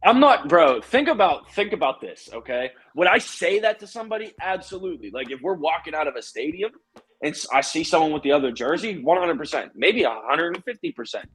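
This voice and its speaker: A man in his thirties from Pittsburgh, co-hosting a sports podcast in animated, profane casual chat. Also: a little high, brisk, breathy edge. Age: 30s. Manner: animated, profane, laughs a lot. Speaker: podcast co-host.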